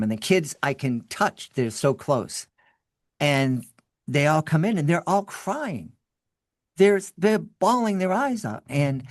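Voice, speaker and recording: Animated storytelling man, dry close sound. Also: on the high side, no room sound. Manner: animated, restarts and repeats words. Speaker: podcast guest, children's podcast creator. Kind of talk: storytelling in an interview.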